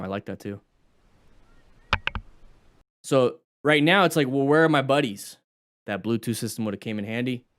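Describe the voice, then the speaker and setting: A man at a middle pitch teaches motorcycle rescue while commenting on crash footage. He talks in an animated way, often asking questions. His delivery is quick and direct, as in a live class. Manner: animated, acts out rider dialogue and questions. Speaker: motorcycle safety instructor.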